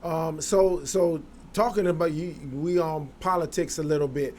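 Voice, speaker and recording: A man hosting a casual interview, asking questions in a relaxed, loose way with plenty of fillers. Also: fairly high pitch, moderate pace, a little hiss or hum. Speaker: interviewer host.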